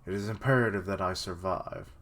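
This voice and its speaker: A man reading as a calm, resolute samurai lord. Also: sits low, brisk, voice pushed down. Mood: solemn.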